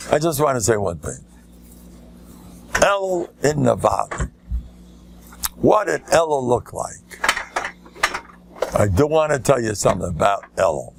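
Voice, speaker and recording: Older man, rabbi lecturing informally, gravelly creaky voice, anecdotal with jokes and restarts. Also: mid-range voice, sing-song, unhurried, long pauses, a little hiss or hum. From United States. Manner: storytelling, joking asides, rambling restarts.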